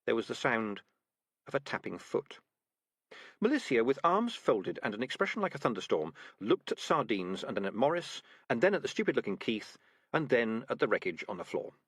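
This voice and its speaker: A man reading a comic fantasy novel aloud as narrator, with lively storytelling. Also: mid-range voice, moderate pace, slightly rough, no echo, studio quality. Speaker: audiobook narrator. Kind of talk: scripted narration.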